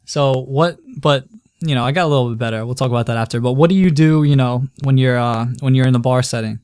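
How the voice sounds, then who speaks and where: Host guy, young, chatty and agreeable, smooth voice, dry room. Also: medium pitch, darkish tone, dry recording. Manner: eager, quick to agree and laugh along. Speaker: podcast host. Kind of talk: casual podcast interview.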